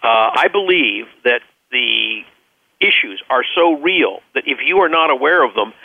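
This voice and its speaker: A man's voice: fairly high pitch, vocal fry, no echo. A man giving an earnest radio interview over the phone, telling stories and often repeating words as he searches for them. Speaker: interview guest, business leader. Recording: dry, tinny phone line.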